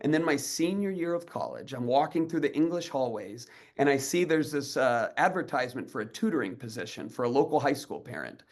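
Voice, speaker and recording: A man's voice: medium pitch, animated, a little fast, hardly any pauses. A man in his thirties, an educator giving a storytelling talk, acting out the voices of people in his story with energy. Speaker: educator and speaker.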